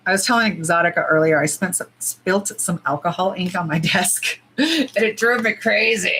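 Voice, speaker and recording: A woman's voice: on the low side, moderate pace, husky, poor audio. Chatty woman on a livestream. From United States. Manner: chatty, animated, swears freely, says y'all. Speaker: nail polish swatching livestreamer. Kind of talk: casual livestream chat.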